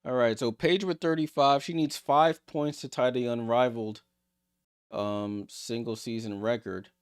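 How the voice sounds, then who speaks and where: A chatty man calling a basketball game live for his viewers, excitable and joking as the plays unfold. His voice sits at a middle pitch. The sound is dry and close. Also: unhurried, clean tone, no echo. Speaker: streamer hosting a game watchalong. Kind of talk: casual live play-by-play commentary.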